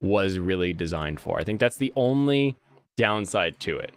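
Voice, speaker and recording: A man hosting a casual podcast chat, animated, his voice jumping high when he gets exasperated. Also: moderate pace, no echo. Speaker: podcast host.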